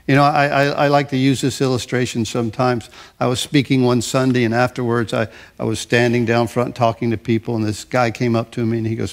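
Gravelly older man preaching a sermon. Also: medium pitch, flat delivery. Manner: conversational, repeats and restarts words; stresses phrases in slow repeated lists. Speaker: pastor.

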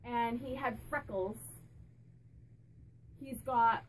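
Woman, fairly high voice, casual and rambling, asks a question then repeats the reply, faint background hiss. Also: extremely slow, rough recording. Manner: chatty and meandering, asks questions aloud then repeats the answers. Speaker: psychic medium and channel host. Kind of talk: casual chat relaying a spirit's answers.

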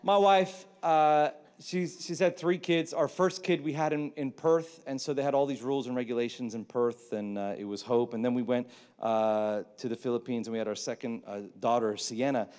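A man, preaching a sermon with animated, humorous storytelling. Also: mid-range voice, moderate pace, clean tone. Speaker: pastor.

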